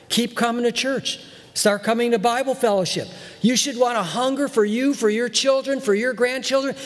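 A high-voiced older man preaches in a folksy, emphatic way, driving his points home by saying them again and again. His voice carries through a church sanctuary with a long tail of reverb behind it. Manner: folksy, emphatic, repeats phrases for stress. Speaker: pastor. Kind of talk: sermon.

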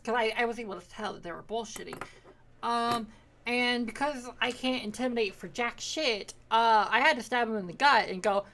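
A young woman casually recapping her tabletop game sessions, rambling and swearing freely as she acts out quick quotes. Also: fairly high pitch, a bit bright. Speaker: player recapping a tabletop campaign.

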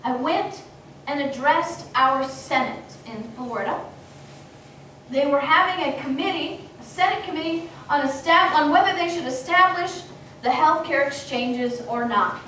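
A woman's voice: sits high, unhurried. A woman giving a storytelling speech to an audience, acting out the exchanges she quotes. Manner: animated, acts out quoted exchanges. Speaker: speaker at a political meeting. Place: meeting hall, indoors. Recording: echoey hall from far off with faint room noise.

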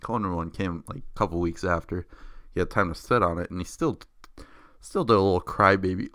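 A man with a low, deep voice rants loosely about football, swearing freely and jumping between excitement and mockery. He is recorded up close, with a dry sound and no room echo. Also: a little fast. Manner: profane, excitable, mocking. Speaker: sports vlogger. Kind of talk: casual football rant.

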